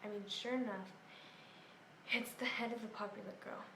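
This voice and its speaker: A woman's voice: mid-range voice, fairly even intonation, normal speed, sharp tone. A woman telling a story in a somber, earnest voice, correcting herself now and then. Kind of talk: earnest home-video narration. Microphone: camera mic. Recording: echoey room, faint hum.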